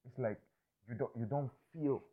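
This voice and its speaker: A man's voice: medium pitch, normal speed. A man in a casual, rambling monologue who repeats himself, swears freely and keeps checking that the listener follows him. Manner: loose, repetitive, swears freely, keeps asking "you understand me?". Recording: thin phone-like sound.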